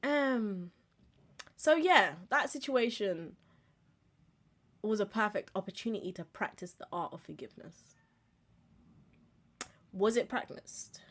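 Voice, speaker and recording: Speaking slowly and pausing often, a woman in her twenties keeps a casual live-stream podcast chat candid and full of laughter. Her mid-range, expressive voice shifts between loud and quiet.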